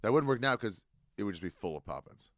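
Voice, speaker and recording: A man, a guest comedian, chatting casually on a podcast with crude jokes, bursts of laughter and quick voice impressions. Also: on the low side, expressive, dry recording, clean studio sound.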